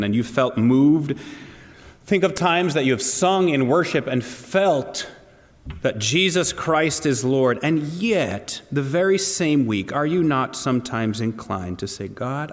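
A man's voice: mid-range voice, big-room sound. A man preaching a sermon to a congregation, earnest and asking them direct questions. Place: church hall.

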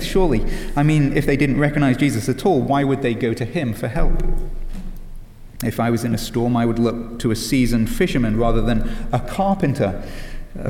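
A man's voice: mid-range voice, darkish tone. Pastor, male, earnest sermon delivery with filler "uh"s, in a roomy hall with long reverb. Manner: earnest, many "uh" fillers and restarts, rhetorical questions.

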